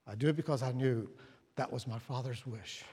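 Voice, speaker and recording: A man preaching a sermon at a church service, telling stories and dropping to hushed tones for emphasis. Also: medium pitch, fairly quick, husky. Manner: storytelling, drops to hushed tones. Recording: long hall reverb.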